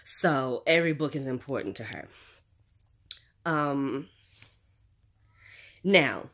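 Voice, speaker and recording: Chatty low-voiced woman vlogging. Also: lively intonation, slow, fairly bright tone. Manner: chatty, rambling with fillers and asides. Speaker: channel host reviewing a series. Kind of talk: casual recap vlog.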